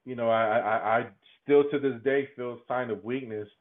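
A man giving a candid interview, talking haltingly, repeating words and laughing often. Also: mid-range voice, steady tone. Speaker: podcast guest. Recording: tinny phone-like line.

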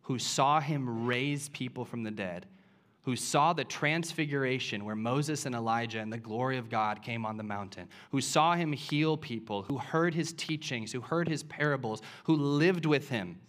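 A man's voice: medium pitch, moderate pace, a bit bright. Man preaching a storytelling sermon. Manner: storytelling, builds to impassioned emphasis.

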